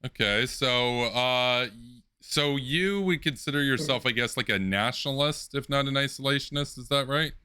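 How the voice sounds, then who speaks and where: A man hosting an online political debate, speaking in a measured way with many filler ums and uhs. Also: mid-range voice, pushed and bright, clean tone, dry recording, studio quality. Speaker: debate host.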